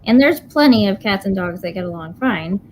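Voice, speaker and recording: A woman working as an animal medium who chats as a guest, telling animated stories and breaking into exclamations. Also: mid-range voice, fairly quick, a little hiss or hum, low-quality recording. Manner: animated, exclamatory, acts out quoted voices. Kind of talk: casual conversation, storytelling.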